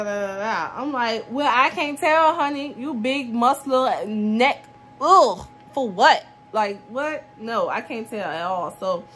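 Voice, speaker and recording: Young woman vlogger, twenties, higher voice, animated storytime teller, faint noise behind. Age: 20s. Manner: animated retelling that acts out quoted dialogue, with laughs. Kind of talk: casual storytime vlog.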